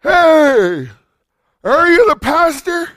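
A man's voice: big pitch swings, drawn-out words, a bit bright, no room sound, studio quality, full character voice. A man voicing a desperate drunk man pleading to be prayed for. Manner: high desperate begging.

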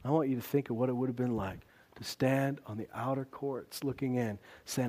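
A man preaching a sermon, swinging between loud emphasis and quiet intensity. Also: medium pitch, a little fast.

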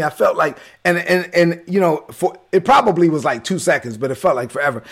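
Brooklyn-accented male preacher, husky and fairly high-pitched, animated storyteller. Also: fairly quick, hardly any pauses. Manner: animated storyteller, acts out quotes, sudden shouts. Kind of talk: sermon-style storytelling. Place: livestream with chat.

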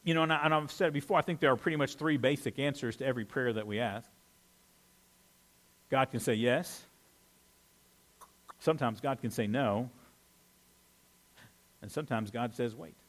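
A pastor preaching a conversational sermon, animated with playful asides. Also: male voice, mid-range voice, normal speed, pauses often.

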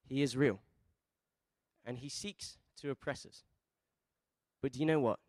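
A man preaching a sermon, asking the congregation questions and calling for responses, shifting between soft asides and loud emphatic peaks. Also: mid-range voice, measured pace, no room sound. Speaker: pastor.

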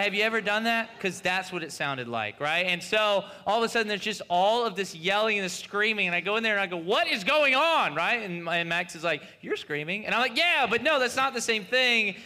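Bright-voiced preacher man in a reverberant hall. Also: on the high side, smooth. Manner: conversational, storytelling with many asides. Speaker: pastor. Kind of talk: sermon.

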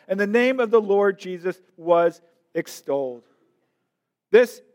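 A male pastor preaching a sermon in an emphatic way, repeating words as he drives his points home. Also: high voice.

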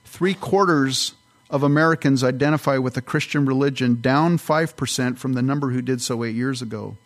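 A man's voice: mid-range voice, normal speed. A man, a pastor, teaching through a Bible passage verse by verse in a conversational, explanatory way.

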